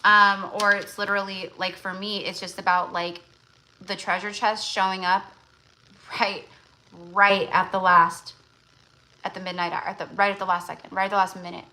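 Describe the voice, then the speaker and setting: A woman's voice: medium pitch, level tone, normal speed, bright, forceful tone, rough recording. A woman hosting a tarot-reading livestream. She chats casually and rambles, with lots of fillers and restarts. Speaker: tarot reader and livestream host.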